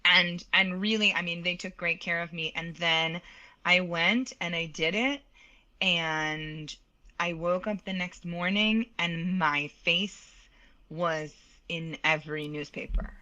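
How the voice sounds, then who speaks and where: A woman opera soprano telling a story in an interview, animated and quick to laugh, acting out the voices of the people in it. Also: on the low side, muffled recording. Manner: animated, laughs often, acts out quoted dialogue.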